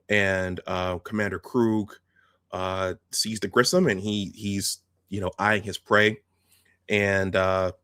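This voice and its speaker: A man's voice: lowish voice, a bit bright, dry recording, studio quality. A man hosting a video, casually recounting film scenes step by step and quoting the lines as he goes. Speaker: host.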